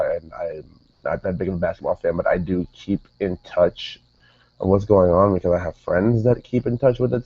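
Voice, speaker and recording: In a dull, dry, lo-fi recording, a man reviews a wrestling show in a loose, digressive way, wandering from the point and fixing his own statements. He speaks with a lowish, warm voice.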